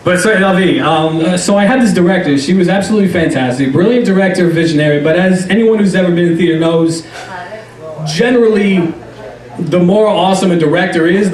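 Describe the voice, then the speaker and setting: A man's voice: sits high, a little mellow. A young man doing a stand-up comedy set on a club stage, rambling and self-deprecating, with lots of fillers. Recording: roomy club, distant mic.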